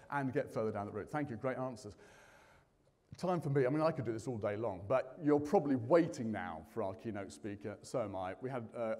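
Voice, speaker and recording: Lively man hosting in a big hall. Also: mid-range voice. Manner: lively, jokey, quizzing the audience. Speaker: conference host. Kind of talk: live conference hosting. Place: large conference hall. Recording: reverberant hall.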